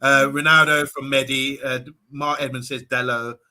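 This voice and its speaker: A man co-hosting a football fan show, reading viewer comments in a quick, animated way. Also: mid-range voice, a little hiss or hum. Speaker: co-host. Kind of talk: casual football chat.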